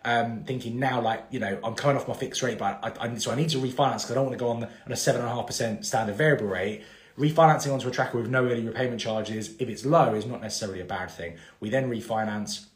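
A man's voice: mid-range voice, fast. A man, hosting a casual live-stream Q&A about mortgages and rambling through fillers and restarts. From England. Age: 30s. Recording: echoey room.

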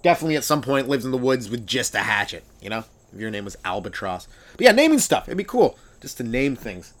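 Man, stand-up comic, lively swooping pitch, cussing, mid-range voice. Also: fast talker. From Canada. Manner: animated, swears freely, breaks into loud exaggerated character voices. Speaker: comedian podcast host. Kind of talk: stand-up riffing monologue.

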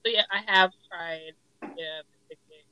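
A young woman co-hosting a casual podcast chat, loose and slangy, often trailing off quietly. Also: on the low side, fairly even intonation, normal speed, highs cut off, slight background noise. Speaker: podcast co-host.

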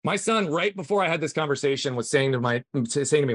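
A man's voice: fairly high pitch, animated, fast talker, dry recording, studio quality. A middle-aged man, a podcast guest, earnestly telling a personal family story with emphatic conviction.

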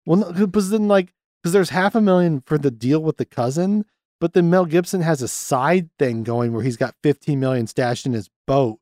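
A man hosting a casual podcast, rambling through a film's plot with lots of swearing and quick acted-out bits of scenes. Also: a little high, darkish tone, no room sound, studio quality. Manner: rambling, profane, acts out scenes. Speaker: podcast host. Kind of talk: casual film-recap chat.

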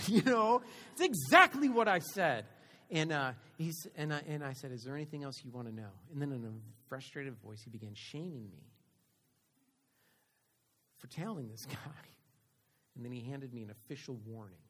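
A middle-aged pastor giving a sermon, telling a personal story and swinging between loud and quiet delivery. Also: male voice, mid-range voice, expressive, normal speed, pauses often.

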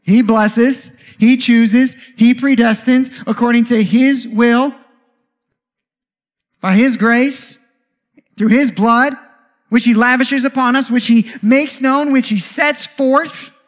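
A man preaching a sermon as pastor, animated, with jokey asides and rhetorical questions. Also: extremely high pitch.

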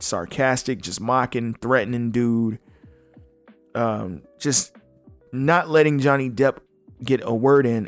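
A young man hosting a casual solo podcast, blunt and animated, swearing freely as he comments. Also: mid-range voice. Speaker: podcast host.

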